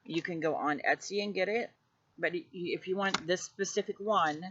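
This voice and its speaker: A woman casually showing off her tarot decks, gushing with effusive praise and sometimes dropping to a hushed voice. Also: on the low side, moderate pace, muffled recording, noisy background. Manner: drops to a hushed voice at times. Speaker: tarot deck reviewer. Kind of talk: casual show-and-tell vlog.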